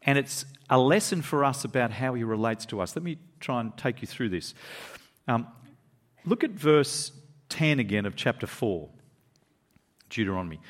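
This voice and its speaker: A man preaching a sermon to his congregation, reading scripture aloud and pressing his points with quick asides. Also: long reverb tail. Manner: animated preaching, pitch rising and dropping for emphasis, quick asides. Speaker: pastor.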